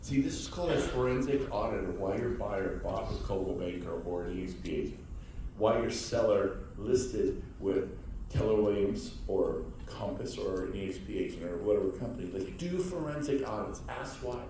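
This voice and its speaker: A man giving an energetic motivational talk to an audience, acting out other people in loud mocking voices. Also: on the low side, moderate pace, a little hiss or hum. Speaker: real estate speaker. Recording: echoey room heard from a distance.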